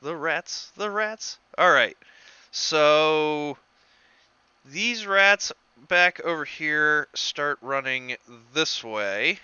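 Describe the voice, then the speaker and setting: A man running a tabletop game as game master, talking in a halting way and laughing easily. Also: fairly high pitch, expressive, bright, forceful tone, clean tone, dry recording, highs cut off.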